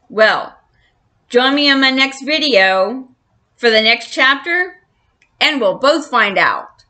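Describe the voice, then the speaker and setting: A woman reading a children's chapter book aloud in an expressive storyteller's manner. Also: high-pitched. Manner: slow, expressive.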